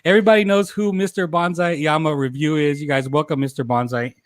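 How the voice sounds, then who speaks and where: This is a chatty man in his forties who hosts a casual livestream for his viewers. He talks a little high and laughs a lot, often tripping over his own words. The sound is dry and close, with no room around it. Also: fairly even intonation, fast talker, dry recording. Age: 40s. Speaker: host.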